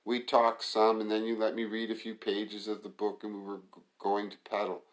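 Man reading a novel aloud, low voice, plain amateur delivery that trips now and then. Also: monotone, normal speed, low-quality recording. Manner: plain amateur reading with small stumbles and self-corrections. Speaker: reader.

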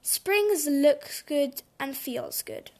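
A woman's voice: high voice, lively intonation, very slow, heavily acted. A woman voicing a cheerful male robin who laughs and explains things kindly in a storybook.

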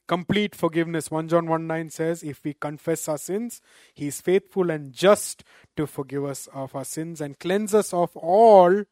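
A man delivers a sermon in a slightly high voice, recorded dry and close. He slows down to quote scripture and keeps checking in with his listeners through rhetorical "right?" asides. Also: darkish tone, dry recording. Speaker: preacher.

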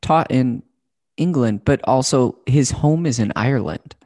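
A man co-hosting a relaxed podcast chat, telling stories with quick asides and frequent laughter, with a gravelly voice. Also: mid-range voice, no echo, studio quality. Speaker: podcast co-host. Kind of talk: casual chat.

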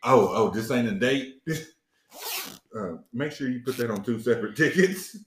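Animated laughing man in an echoey room. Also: medium pitch, normal speed, slight background noise. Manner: animated, laughs often, profane. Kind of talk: casual storytelling chat.

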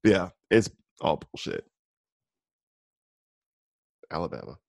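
Low-voiced Southern-raised podcast man. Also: moderate pace, creaky, no room sound. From American South. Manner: opinionated, explains at length with repeated restarts. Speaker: podcast co-host. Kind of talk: casual chat.

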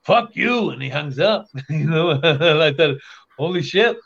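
A man's voice: a little high, unhurried, creaky, fairly bright tone, muffled recording, slight background noise. An older man from Canada, a guest on a podcast, telling long rambling anecdotes with frequent restarts and bursts of laughter. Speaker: interview guest. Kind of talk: casual storytelling.

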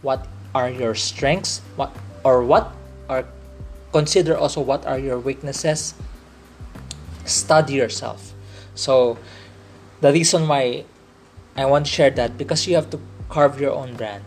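A man's voice: mid-range voice, unhurried, pauses often, soft background music. Earnest man with a Filipino accent. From Philippines. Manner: earnest, repeats and restates phrases. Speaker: podcast host. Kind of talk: faith-based motivational podcast talk.

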